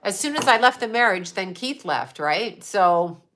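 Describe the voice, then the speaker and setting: Blunt, bright-voiced woman in her fifties. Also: medium pitch, lively intonation, unhurried, a little hiss or hum. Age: 50s. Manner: blunt, profane and sarcastic, laughing often. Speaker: psychic medium and livestream host. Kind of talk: casual livestream chat answering viewers.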